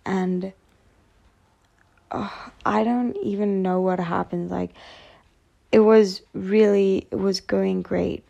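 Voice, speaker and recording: A woman's voice: medium pitch, fairly even intonation, slow, vocal fry, pauses often, mellow. A tired woman vlogging candidly to camera, rambling frankly and swearing often. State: tired from lack of sleep. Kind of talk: candid personal talk to camera.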